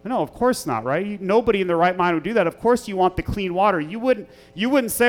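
A man's voice: high-pitched, lively intonation, fast talker, hardly any pauses. A male pastor reading scripture aloud and preaching in a church, earnest and emphatic, repeating key phrases and asking the congregation rhetorical questions. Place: church sanctuary.

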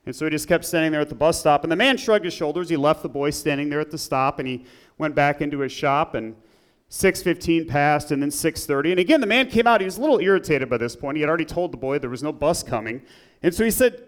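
Earnest pastor man with a higher voice. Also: lively intonation, quick pace. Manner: earnest, builds up emphatically in the story, drops low and soft in prayer. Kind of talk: sermon with prayer and storytelling. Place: church sanctuary.

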